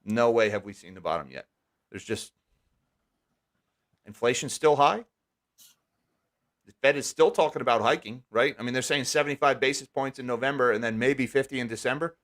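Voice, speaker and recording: A man hosting a live stream, talking casually and wryly, with quick sarcastic asides. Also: medium pitch, a bit bright. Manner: chatty, wry, quick asides. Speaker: livestream host.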